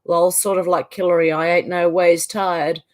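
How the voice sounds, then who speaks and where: A woman's voice: on the low side, flat delivery, normal speed, a little mellow. Middle-aged aussie woman reading out her live chat, chatty, trails off and restarts a lot. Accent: Australian. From Australia. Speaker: livestream host.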